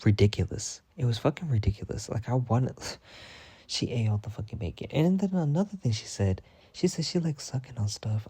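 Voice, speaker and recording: A man's voice: medium pitch, moderate pace, slightly rough, no room sound. A young man telling stories in a casual vlog rant, profane and dramatic. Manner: profane, dramatic, animated retelling. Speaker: vlogger.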